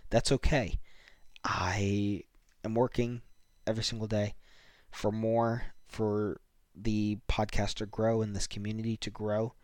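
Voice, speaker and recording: A young man hosting his own podcast, talking earnestly and haltingly as he signs off the season, a little emotional and grateful. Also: fairly low pitch, completely flat delivery, a little mellow, no echo, clean studio sound. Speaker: podcast host. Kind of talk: solo podcast sign-off.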